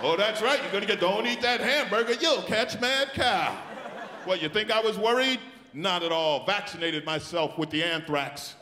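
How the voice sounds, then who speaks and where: A man doing live stand-up in a large theatre, ranting loudly and mocking people in put-on voices. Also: high-pitched. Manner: loud, rapid rants with mocking put-on voices. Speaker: stand-up comedian. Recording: echoey theatre with crowd noise. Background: audience laughter and applause.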